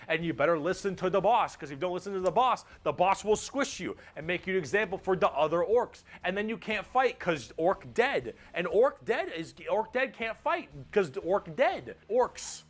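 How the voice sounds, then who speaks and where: A man streaming live who is a bit sick, explaining things in an excitable, rambling way and swearing freely. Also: high-pitched. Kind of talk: casual livestream explainer.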